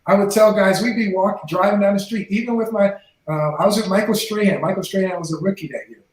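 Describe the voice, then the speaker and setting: In an echoey room, an ex-NFL player in his forties tells a podcast host his life story, speaking fast in a high-pitched voice and imitating those he quotes.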